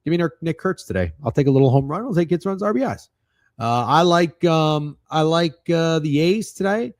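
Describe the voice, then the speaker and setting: A young man hosting a sports betting livestream, talking casually and excitably, swearing often and rambling through restarts as he runs through his picks. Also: fairly high pitch, moderate pace, dry recording, studio quality. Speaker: sports betting show host.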